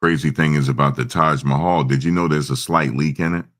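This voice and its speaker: A man's voice: extremely low pitch, fairly even intonation, a little fast, a bit bright. A man hosting a casual live stream, rambling and answering viewers' comments. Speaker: livestream host.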